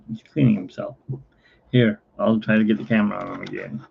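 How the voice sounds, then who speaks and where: A man vlogging casually at home, rambling to the camera and talking softly to his cat. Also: fairly even intonation, brisk. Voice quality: gravelly, husky. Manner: rambling, talks to his cat, often drops to a low, quiet voice. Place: home, indoors. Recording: dull lo-fi home recording.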